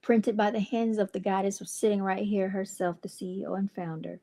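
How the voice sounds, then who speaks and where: A woman's voice: medium pitch, flat delivery, moderate pace, warm tone. A woman hosting her own livestream channel, talking casually to viewers with chatty, exasperated asides. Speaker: channel host and clothing brand founder.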